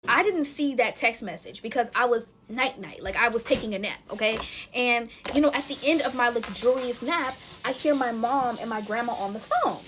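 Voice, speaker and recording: This twenty-something TikTok storyteller chats casually while handling slime, peppering her story with fillers and speaking to "y'all." Her high-leaning voice has lively intonation at a moderate pace, with background noise.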